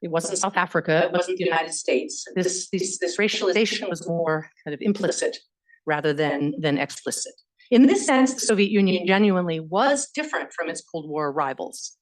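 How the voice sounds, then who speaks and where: Low-ish voiced woman prof lecturing on history, steady and explaining, lots of um and you know. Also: moderate pace, rough recording. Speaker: history professor giving a lecture. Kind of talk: academic lecture.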